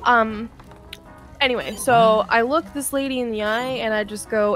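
A woman's voice: fairly high pitch, fairly even intonation, normal speed, a bit bright, soft background music. A young woman casually telling a long work story, acting out customers' lines and laughing often.

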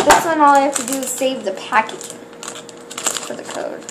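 A woman opening toy blind bags on camera in casual chat, excitable and gasping, who rambles with trailing restarts. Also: high-pitched, normal speed, very noisy. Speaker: toy unboxing vlogger.

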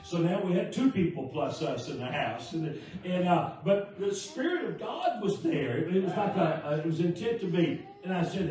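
A man's voice: a little high, very animated, normal speed, a little mellow. A man preaching a revival sermon, telling his testimony in a folksy way with frequent fillers, recorded in a church sanctuary. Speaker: guest preacher. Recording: echoey church room, distant mic.

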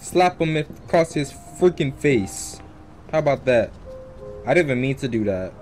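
Animated young man joking through a game. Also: mid-range voice, normal speed. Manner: animated, joking, trash-talking the characters. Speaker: gaming YouTuber. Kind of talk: casual let's-play commentary. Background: video game music.

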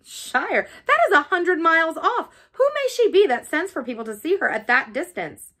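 A woman voicing a brusque, impatient gentleman master of the house who fires off curt questions, in an audiobook reading. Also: on the high side, big pitch swings, fairly quick.

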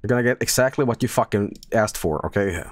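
A man's voice: on the low side, a little fast, no room sound. A man streaming live, joking casually with lots of swearing and laughter. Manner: profane, joking, often laughing.

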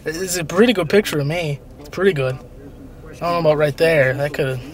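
A young man co-hosting a casual comedic chat, goofy and loud, breaking into big excited yelps. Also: on the high side, fairly quick. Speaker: co-host.

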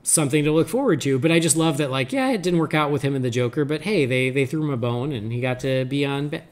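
A man co-hosting a podcast, giving a rambling, animated recap of a cartoon episode in casual chat. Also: fairly high pitch, fast talker. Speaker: podcast co-host.

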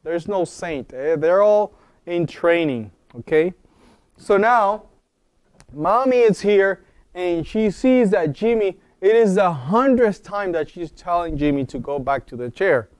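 High-voiced man giving a lively lecture. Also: unhurried, clean tone, dry recording. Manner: animated, acts out quoted voices, asks the room questions. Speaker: wellness center teacher. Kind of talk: informal lecture.

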